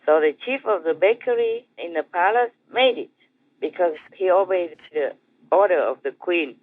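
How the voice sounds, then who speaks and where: A man with an Indonesian accent, a spiritual master telling a teaching story in a gentle, repetitive way with soft chuckles. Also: high voice, moderate pace, dry recording. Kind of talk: storytelling dharma talk. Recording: tinny phone-like dry sound.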